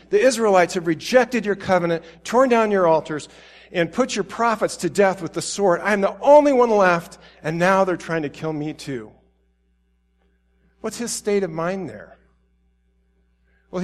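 A man preaching a sermon, reading scripture and acting out biblical figures with rising pleading intensity, then dropping to soft tender tones. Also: on the high side.

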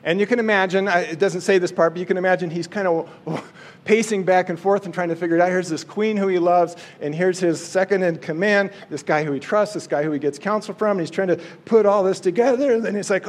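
A man's voice: high-pitched, a little fast. A man casually retelling a Bible story in a playful, chatty way. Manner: playful, chatty, acts out quotes.

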